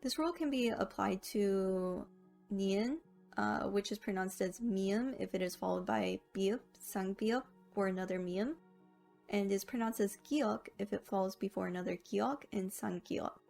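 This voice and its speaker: A woman narrating a scripted language lesson, explaining rules clearly and slowing down to sound out each example word. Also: mid-range voice, a little mellow, faint music behind. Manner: clear, careful explanation with slow, drawn-out example words. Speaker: language teacher.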